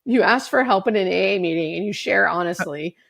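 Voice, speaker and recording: A woman's voice: medium pitch, fairly quick, vocal fry, a bit bright. A woman in her forties, a podcast guest, telling her own story candidly, swearing freely and acting out what others said. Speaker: podcast guest, hospice nurse.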